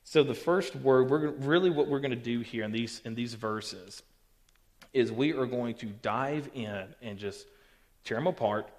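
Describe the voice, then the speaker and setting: A man's voice: medium pitch, moderate pace. A man leads a youth group Bible study, joking with the kids in a loose, easygoing way. His mid-range voice carries a long reverb tail from a church hall. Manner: casual, teasing and joking with listeners. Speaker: youth pastor.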